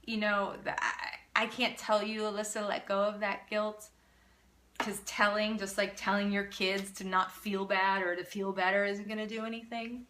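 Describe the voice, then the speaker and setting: A middle-aged woman hosting a live parenting Q&A, answering viewer comments in an earnest, animated way. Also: medium pitch, moderate pace. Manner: earnest, animated, acts out children's voices.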